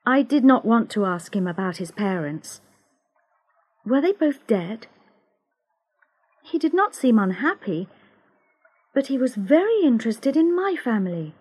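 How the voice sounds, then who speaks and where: A woman reading a storybook aloud, slow and careful, giving each character a voice. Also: a little high, big pitch swings, darkish tone, breathy edge. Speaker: narrator. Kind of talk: scripted storybook narration.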